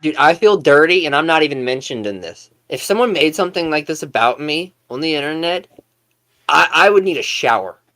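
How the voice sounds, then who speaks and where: A man's voice: on the high side, expressive, brisk, pushed and bright. A man hosting a commentary video, making sarcastic, incredulous remarks about a clip.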